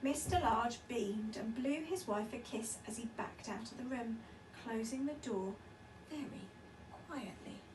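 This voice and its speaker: A woman teacher reading a picture book aloud with lively, expressive storytelling. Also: a little high, unhurried, reverberant, far from the mic, noisy background.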